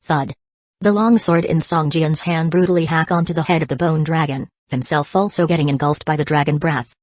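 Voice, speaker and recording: Low-voiced woman reading a novel. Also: fairly even intonation, brisk, darkish tone, dry recording. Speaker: audiobook narrator. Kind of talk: scripted narration.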